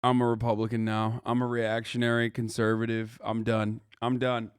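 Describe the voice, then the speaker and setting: Smooth, dry-voiced sarcastic streamer man. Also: mid-range voice, completely flat delivery, moderate pace, no echo. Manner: sarcastic, profane, mocking. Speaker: livestream host. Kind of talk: casual reaction commentary.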